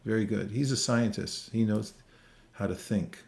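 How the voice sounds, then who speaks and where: A man giving an online devotional lecture and answering live questions, speaking in an unhurried, conversational way with frequent fillers. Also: on the low side, vocal fry, darkish tone. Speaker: temple speaker. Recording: roomy echoey sound.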